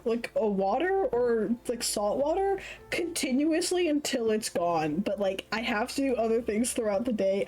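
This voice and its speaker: A woman's voice: fairly high pitch, darkish tone. A woman in her late twenties chatting casually on a live stream, rambling, laughing often and swearing freely. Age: late 20s.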